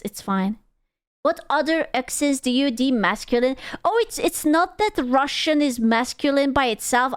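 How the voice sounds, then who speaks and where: A woman's voice: high voice, clear, resonant tone, no room sound, clean studio sound. A young woman streamer reacting to a video in casual, crude, jokey commentary, often stumbling and restarting her sentences.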